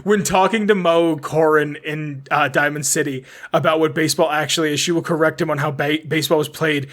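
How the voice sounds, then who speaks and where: A man's voice: a little high, fairly even intonation, brisk, fairly bright tone. A young man co-hosting a casual podcast, reading out game trivia in a rambling way and laughing at his own slips. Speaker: podcast co-host. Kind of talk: casual chat.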